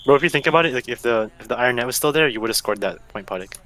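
A man's voice: mid-range voice, very fast. A young man in casual voice chat while gaming with friends, joking and calling out plays. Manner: excitable, joking, calls out plays. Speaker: gamer on a stream.

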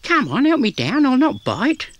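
Guy putting on a croaky bossy old witch lady, high voice that swoops around, music behind. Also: wildly swooping pitch, normal speed, slight background noise, full character voice. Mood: impatient. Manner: blunt, bossy, dropped-g. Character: cranky old woman witch, gruff.

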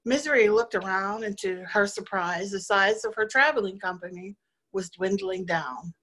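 Woman guest speaker, mid-pitched, reciting rhyming verse in a measured rhythm. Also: a bit bright. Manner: rhythmic, measured reading in rhyme. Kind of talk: poetry recitation.

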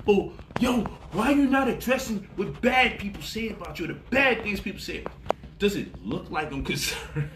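A man hosting a lively talk about money, boasting, laughing and swearing freely, and mocking his critics in quoted voices. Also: sits high, roomy sound, slight background noise. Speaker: host. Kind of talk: animated livestream talk.

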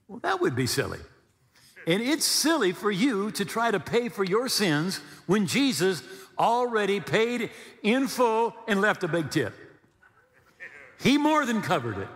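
Animated preacher man in a reverberant hall. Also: sits high, measured pace. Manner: animated preaching with acted-out dialogue and humor. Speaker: pastor. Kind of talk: sermon.

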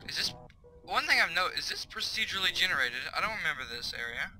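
A young man rambles through a video game in casual let's-play commentary, reading the on-screen tips aloud as he goes. His voice is bright and tense and sits fairly high. Game music plays faintly behind him. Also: fast, poor audio. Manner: chatty, excitable, reads on-screen tips aloud. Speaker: gaming YouTuber. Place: home bedroom.

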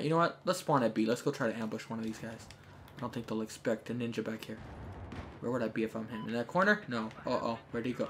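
A man giving jokey, chatty commentary over his own gameplay, breaking into shouts when things get tense. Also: mid-range voice, a little hiss or hum. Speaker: gaming YouTuber. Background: game gunfire.

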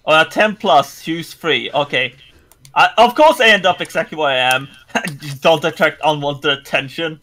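A man at a tabletop game who stumbles through the rules as he talks. His voice is bright and tense, set a little high. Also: a little hiss or hum. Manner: quick, stumbling rules talk. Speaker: player. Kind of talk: casual chat.

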